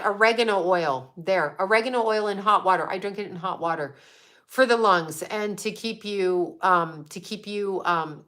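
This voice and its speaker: A woman's voice: mid-range voice, fairly bright tone. A middle-aged woman hosting a casual livestream, answering viewer comments bluntly and swearing freely. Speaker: psychic livestream host.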